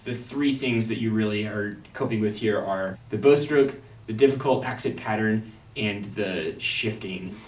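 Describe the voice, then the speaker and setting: A man's voice: lowish voice, measured pace. A young man teaching a violin excerpt in a thoughtful, wry manner, with fillers and restarts. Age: young adult. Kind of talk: instructional talk on an orchestral excerpt. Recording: echoey room, mic at a distance.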